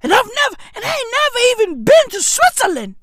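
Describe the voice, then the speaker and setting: A man, delivering a profane comedic rant that swings between shouting and muttering. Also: extremely high pitch, huge pitch swings, a little fast. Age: 30s.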